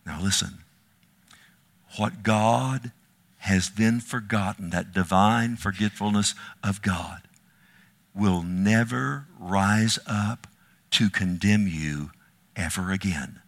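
Male pastor mid-sermon; bright, tense delivery, emphatic with rhetorical questions. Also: low voice, slow, breathy edge. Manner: emphatic, swings from hushed to loud, rhetorical questions to the congregation.

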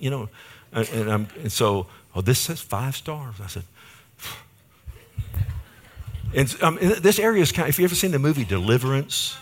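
A man's voice: mid-range voice, lively intonation, normal speed, pauses often. An older man preaching a sermon, telling a folksy story and asking the congregation for an amen. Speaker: pastor.

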